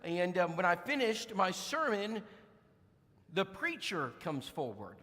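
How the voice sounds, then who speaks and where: A man delivers a storytelling sermon in a church auditorium, his voice pitched high and ringing bright. He talks in a folksy way, full of fillers and restarts. A long reverb from the hall trails each phrase. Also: huge pitch swings, slow pace. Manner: acts out voices in his stories. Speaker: guest preacher.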